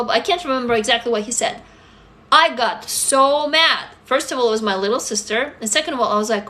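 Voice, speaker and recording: This woman's voice is fairly high with a sharp edge as she hosts a livestream and responds to viewers. She's from Russia, and her casual chat is blunt, emphatic, and laced with swearing.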